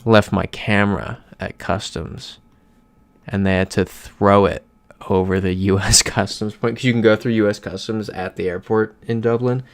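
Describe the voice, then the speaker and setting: Young man, American, casual streamer chat, gravelly low voice, dry close sound. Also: fairly even intonation, normal speed, no room sound. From United States. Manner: chatty, reads out chat messages.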